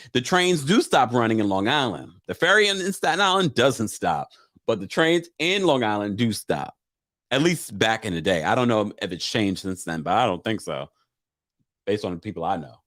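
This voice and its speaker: A man's voice: fairly low pitch, very animated, moderate pace, fairly bright tone. A man hosting a live recap of a TV show, talking casually and emphatically, often repeating his points. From Jamaican family. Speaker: show host.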